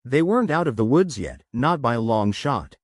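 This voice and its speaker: A male narrator reads a sci-fi short story from a script at normal speed, his pitch moving in a lively, expressive way. The recording is dry and close, with no room sound.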